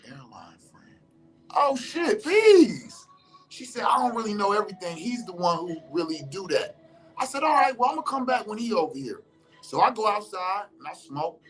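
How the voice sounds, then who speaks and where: A man spins a casual, profane story in heavy slang, his voice riding high and jumping into other people's lines. Faint music plays underneath. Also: big pitch swings, moderate pace, a bit bright. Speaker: storyteller recounting an encounter.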